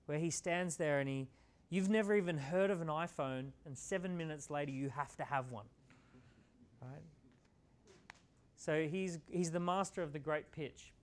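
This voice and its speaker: A man's voice: on the high side, moderate pace. A man giving a casual, conversational motivational talk to a live audience, often checking in with "right?". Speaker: keynote speaker.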